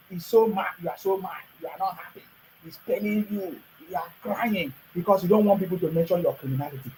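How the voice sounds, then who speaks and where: A man's voice: high voice, a little mellow, a little hiss or hum, low-quality recording. A man with a Nigerian accent giving a combative political monologue, addressing critics directly and repeating phrases for emphasis. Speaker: political commentator. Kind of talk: monologue to camera.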